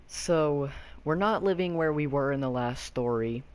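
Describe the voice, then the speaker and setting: A man's voice: a little high, measured pace, a little mellow, clean tone. Rambling young man telling a story. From Arkansas. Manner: rambling, full of fillers, loose slang. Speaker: YouTube storyteller. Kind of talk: casual storytelling.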